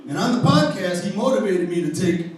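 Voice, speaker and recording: A man tells a stand-up story in a fairly high voice, animated and full of swearing. His voice comes from far off the mic and rings through a very echoey room. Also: fairly quick. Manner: animated, profane. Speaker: stand-up comedian.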